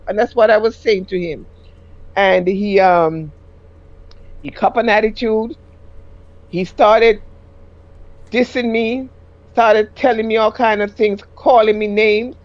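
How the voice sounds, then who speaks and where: A woman's voice: medium pitch, fairly even intonation, takes it slowly, long pauses, no room sound, dull audio. A middle-aged woman with a Jamaican accent, a caller telling a personal story in rambling casual speech that rises sharply when she quotes herself.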